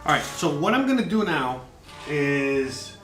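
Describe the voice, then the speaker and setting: Joking cooking show guy, kinda high voice, lots of "you know", echoey kitchen, music in the background. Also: big pitch swings, a little slow, a bit bright. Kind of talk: casual live cooking demo. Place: home kitchen.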